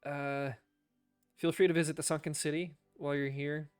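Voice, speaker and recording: A man voicing a brisk, businesslike female officer who talks matter-of-factly. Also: sits low, level tone, clean tone, no room sound, clean studio sound, soft background music, lightly acted.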